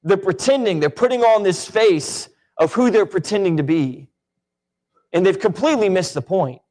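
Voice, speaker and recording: A man's voice: high-pitched, lively intonation, normal speed, a little mellow. Conversational man teaching a Bible class. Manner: conversational, asks the class many questions.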